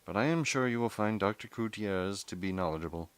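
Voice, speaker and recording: A man's voice: on the low side, lively intonation, fast, no echo, close to an everyday voice. A man doing a formal, precise doctor. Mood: calm. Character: calm, formal Costa Rican male doctor.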